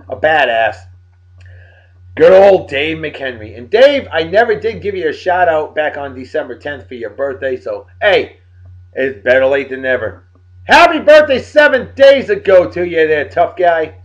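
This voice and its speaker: A tired man giving joking, animated shout-outs to friends in a casual vlog. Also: a little high, normal speed. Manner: animated, joking sports banter. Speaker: vlog host. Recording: dull lo-fi recording.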